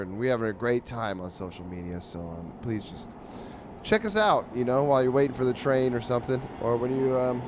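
Male comedy podcast host, mid-pitched, rambly and mock-earnest, casual delivery. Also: noisy background.

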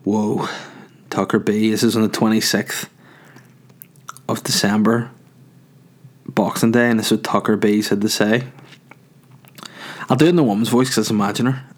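Wry podcast host. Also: male voice, fairly low pitch, fairly even intonation, normal speed, pauses often. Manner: wry, mocking, reads reviews aloud. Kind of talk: comic podcast monologue.

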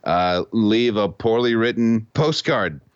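Profane joking podcast host. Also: male voice, lowish voice, takes it slowly, smooth, no room sound, dull audio. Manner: joking, profane, laughs often. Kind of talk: casual podcast banter.

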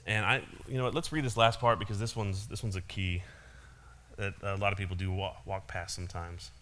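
A man's voice: on the low side, steady tone, a little fast, pushed and bright. A man giving a casual sermon, retelling a parable with frequent small laughs and restarts. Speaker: preacher.

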